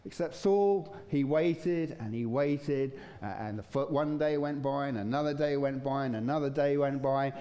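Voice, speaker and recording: Conversational pastor, mellow voice. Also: male voice, medium pitch, moderate pace, hardly any pauses. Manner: conversational, chuckling, acts out voices in stories. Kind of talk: sermon. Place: church.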